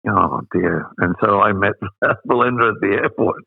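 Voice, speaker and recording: An older man with an Australian accent, telling stories as an interview guest, rambling with many pauses and fillers. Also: on the low side, vocal fry, no room sound. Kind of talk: anecdotal storytelling. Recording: dry, phone-like sound.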